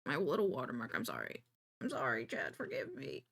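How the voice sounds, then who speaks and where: Gravelly woman streamer thinking aloud. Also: a bass voice, wildly swooping pitch, fairly quick, fairly bright tone. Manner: thinks aloud to chat while working, jittery and self-deprecating. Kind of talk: casual live-stream chat.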